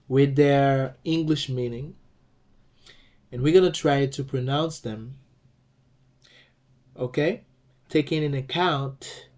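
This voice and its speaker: A man's voice: medium pitch, a little mellow. A man teaching a language lesson, explaining patiently, repeating key points and checking in with "okay?" as he goes.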